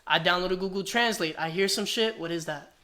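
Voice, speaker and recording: A man with a bright, forceful voice chats on a podcast, spinning animated stories and acting out the back-and-forth he recalls. His tone stays lively and conversational. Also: sits high, brisk. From New Jersey, US. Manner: animated storytelling, acts out quoted exchanges. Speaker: rapper guest. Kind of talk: casual podcast chat.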